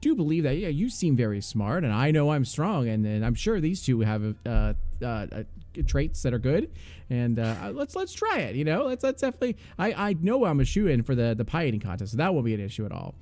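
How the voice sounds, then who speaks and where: A man voicing a boastful, eager strong adventurer who stammers with excitement. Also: mid-range voice, fairly quick, faint music behind, natural voice.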